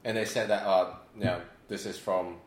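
A man's voice: low-pitched, steady tone, normal speed, a little hiss or hum. Hesitant man on a podcast, echoey. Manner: hesitant, lots of ums. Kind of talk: casual podcast chat.

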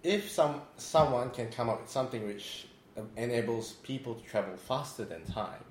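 A man's voice: medium pitch, animated, moderate pace, a little hiss or hum. Hesitant man on a podcast, echoey. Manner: hesitant, lots of ums. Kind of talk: casual podcast chat.

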